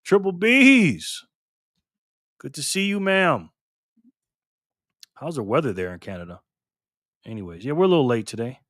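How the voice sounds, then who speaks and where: A man's voice: medium pitch, sing-song, moderate pace, pauses often, no echo, clean studio sound. Upbeat man reading out stream chat. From Rochester, New York. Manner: friendly, upbeat, reads chat aloud and greets viewers by name. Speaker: livestream host. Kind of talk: casual live stream chat reading viewer comments.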